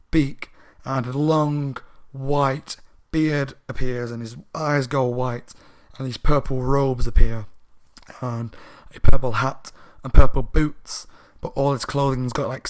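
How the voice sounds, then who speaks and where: Guy with a sore throat rambling through a book plot, kinda animated, mid-pitched voice. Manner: rambling, animated, laughing asides. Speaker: book reviewer. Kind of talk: casual plot retelling.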